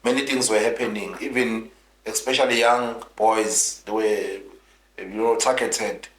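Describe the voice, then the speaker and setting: A man's voice: fairly low pitch, steady tone, unhurried, fairly bright tone. A man, a politician being interviewed, telling his story in an earnest, rambling way full of restarts. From South Africa. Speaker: guest politician. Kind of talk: interview, recounting his life. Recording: roomy echo.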